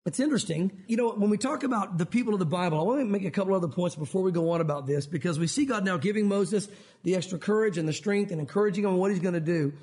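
High-voiced pastor preaching in church. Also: male voice, rapid-fire. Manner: animated, acts out quotes from scripture. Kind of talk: sermon.

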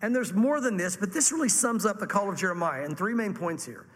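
A man preaching a sermon to a congregation, animated and acting out the voices he quotes. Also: sits high, brisk, long reverb tail. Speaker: pastor.

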